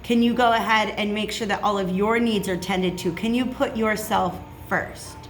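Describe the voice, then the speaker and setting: A woman's voice: mid-range voice, fairly even intonation, normal speed, soft background music. A woman giving a casual tarot reading, chatty and reassuring, checking in with "okay?" often. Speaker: tarot reader.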